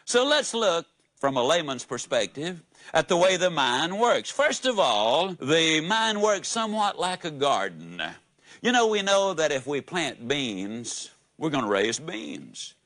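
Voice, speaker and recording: A man's voice: fairly high pitch, sing-song, unhurried, a bit bright, no room sound. A man giving a live motivational speech, telling folksy stories and asking the audience questions. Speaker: motivational speaker.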